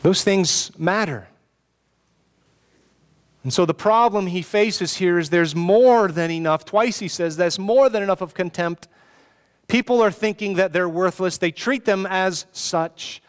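A man's voice: high-pitched, measured pace, clean tone, long reverb tail. A man preaching a sermon as pastor, earnest and pleading, often asking rhetorical questions.

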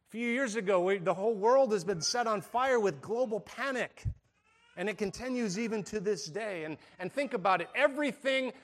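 Male pastor, high-pitched, conversational sermon, rhetorical questions to the room. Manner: drops to a soft, hushed delivery for tender passages.

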